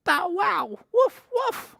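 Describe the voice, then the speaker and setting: A woman voicing an excitable little puppy, barking in a squeaky, high voice. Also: drawn-out words, gravelly, no room sound, studio quality, heavily acted. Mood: excited barking.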